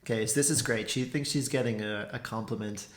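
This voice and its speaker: Chatty and loose, this male language teacher explains things with "like" and "so" sprinkled everywhere. He speaks at an ordinary middle pitch and a little fast, with a noticeable room echo and slight background noise.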